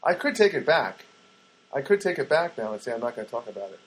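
A man's voice: mid-range voice, quick pace, husky, poor audio. A middle-aged man telling rambling personal anecdotes in a casual monologue, often restarting and correcting himself. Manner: rambling, self-correcting, animated when quoting others. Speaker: storyteller.

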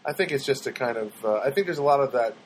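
A man's voice: mid-range voice, animated, fast, slight background noise. A man telling meandering comic stories in a wry, self-mocking monologue, acting out the people he quotes.

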